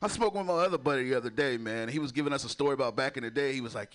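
A man's voice: mid-range voice, very animated, racing, few pauses, fairly bright tone. A man doing a crude stand-up comedy set, laughing at his own jokes and talking in a loose, chatty way. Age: adult with a son. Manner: loose, chatty, keeps asking "you know".

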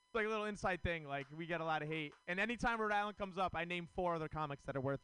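A male stand-up comic rambling through a self-deprecating bit. His voice sits a little high for a man, and it is picked up close and dry. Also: animated, fast, sharp tone, clear, resonant tone, no room sound, rough recording. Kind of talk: stand-up set. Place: comedy club stage.

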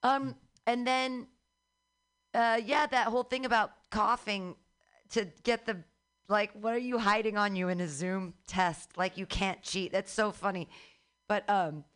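A woman hosting a comedy show in loose, rambling chat. She laughs easily and talks in a middle pitch. Her tone stays casual and friendly. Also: fairly even intonation, a little slow, fairly bright tone, smooth. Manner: chatty, rambling, laughs often. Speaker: host.

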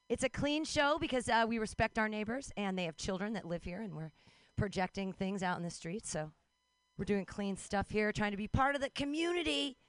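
A young woman works through a stand-up set out in the street, wry and self-mocking, tossing off quick asides. Her voice sits a little high, and the sound is close and dry with no room around it. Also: dry recording. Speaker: stand-up comic. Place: street outdoors.

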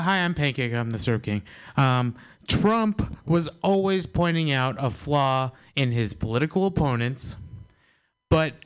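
A man performing a stand-up comedy set with a dry, deliberate delivery. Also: a little high.

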